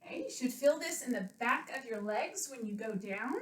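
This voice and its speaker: Woman PE coach, high voice, slightly out of breath, counting reps for kids, echoey room, webcam across the room. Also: lively intonation, normal speed. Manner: counts reps aloud, explains simply to children. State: a little out of breath. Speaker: elementary school PE coach. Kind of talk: home workout lesson for kids. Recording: roomy webcam sound from a distance.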